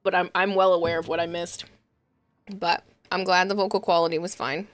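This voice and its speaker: A woman streamer chatting casually late at night, keeping her voice quiet, tired and short of breath. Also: lowish voice, flat delivery, no room sound. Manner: deliberately quiet, reads chat aloud. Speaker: game streamer.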